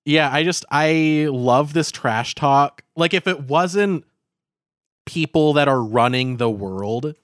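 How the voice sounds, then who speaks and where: A man co-hosting a casual podcast chat, joking, crude and quick to laugh. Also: on the high side, clear, resonant tone, dry recording, clean studio sound. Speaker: podcast co-host.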